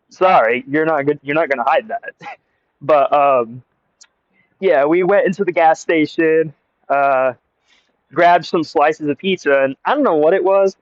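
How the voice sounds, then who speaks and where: Outdoors with earbud mics, a young American vlogger tells a loose, wandering story and keeps breaking into laughter. His pitch is fairly high, with no room sound in the dry, muffled, lo-fi recording.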